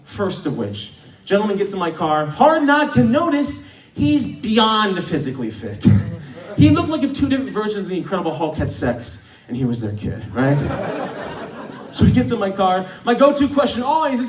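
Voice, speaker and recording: A young man from the American Midwest doing a stand-up comedy set, telling stories animatedly and building to shouted punchlines. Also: sits high, sing-song, moderate pace, far from the mic, a little hiss or hum. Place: theater stage with a laughing audience. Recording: echoey hall recorded from afar.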